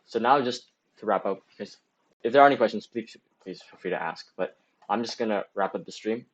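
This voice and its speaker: A man's voice: lowish voice, a little fast, highs cut off. A young man, a student streamer, giving casual advice and answering chat, rambling with lots of fillers and restarts.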